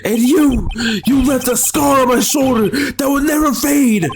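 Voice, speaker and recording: Villain read: man voicing an older, arrogant prosecutor, slow and raging, game music behind. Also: very high-pitched, creaky, pitched above the performer's own voice, exaggerated voice. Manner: shouting in rage, slow menacing recounting.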